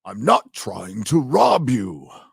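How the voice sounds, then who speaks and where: A man putting on the voice of an old male wizard who shouts angrily, quoting a film scene. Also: mid-range voice, huge pitch swings, slow pace, gravelly, husky, no room sound, studio quality, exaggerated voice. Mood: furious.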